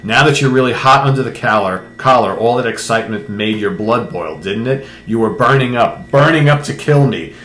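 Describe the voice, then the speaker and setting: A man voicing a smug, calm male werewolf from a comic, in a low, mocking tone, in an echoey room. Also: a little fast, few pauses, faint music behind, lightly acted. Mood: menacing.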